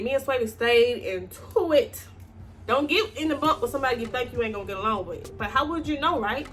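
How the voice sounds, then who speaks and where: A young adult woman speaking African American Vernacular English tells a casual, swear-heavy story to her viewers, calling them y'all. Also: on the high side. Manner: animated, slangy, swearing, addresses viewers as y'all. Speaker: vlogger.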